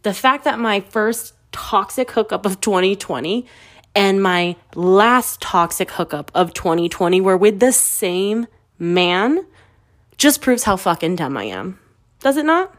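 A woman's voice: medium pitch, expressive, unhurried. A woman in her early thirties hosting a podcast, telling candid stories in a casual, self-mocking way. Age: 30s. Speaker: podcast host. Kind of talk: casual confessional chat.

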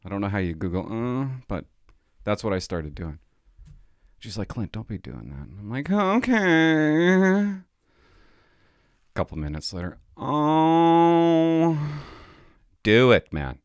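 A man's voice: low-pitched, no room sound, studio quality. A middle-aged man telling a rambling, self-mocking comic story to his vlog audience. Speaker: vlogger.

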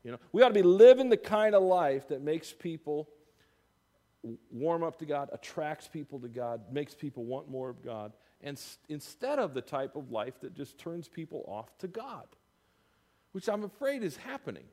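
A man preaching a sermon as pastor, emphatic and animated, rising loud and dropping soft. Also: fairly high pitch, normal speed. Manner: animated, emphatic preaching with big swings in loudness. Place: church sanctuary. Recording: long reverb of a church hall.

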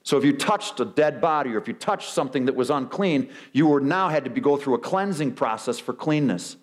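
A male pastor preaching a sermon, animated, acting out quoted excuses with big swings in his voice. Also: medium pitch, a little fast. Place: church sanctuary.

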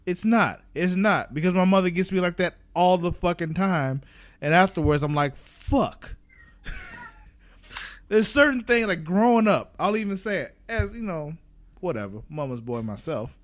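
Animated, laughing man chatting on a podcast. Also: sits high, moderate pace, dry recording. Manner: animated, laughs often, swears freely. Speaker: podcast co-host. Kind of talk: casual chat.

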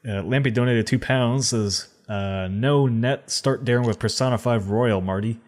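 A man co-hosting a casual podcast chat, speaking haltingly and trailing off quietly. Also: medium pitch. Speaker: podcast co-host.

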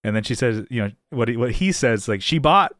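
A man's voice: medium pitch, fast, no room sound, clean studio sound. A man co-hosting a podcast in casual chat, retelling stories and acting out the quotes in raised voices. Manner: animated storyteller, acts out quotes in raised voices. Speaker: podcast co-host.

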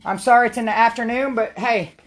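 A woman leading prayer and Bible talk at home on a livestream, excitable and rambling, repeating herself and bursting out loud. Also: a little high, brisk, a little hiss or hum. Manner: repetitive, excitable, rambling, prone to outbursts. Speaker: self-styled preacher leading prayer and Bible study.

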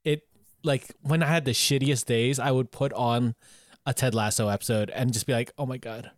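A man's voice: medium pitch, steady tone, moderate pace, dry recording, studio quality. A man co-hosting a podcast, talking casually and enthusiastically, sometimes humming tunes. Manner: enthusiastic, playful, hums theme tunes. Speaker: podcast co-host. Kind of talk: casual chat.

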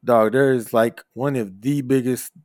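A man's voice: medium pitch, a little slow, dry recording. Male podcast co-host, casual swearing storyteller, mid-range voice, dry close sound. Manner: profane, animated storyteller. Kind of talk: casual chat.

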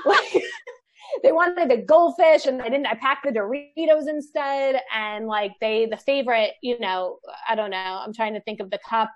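Chatty young mom, animated storyteller. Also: female voice, a little high, moderate pace, few pauses, muffled recording. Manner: animated storyteller, lots of "like" fillers. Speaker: guest, children's book author. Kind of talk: casual podcast chat.

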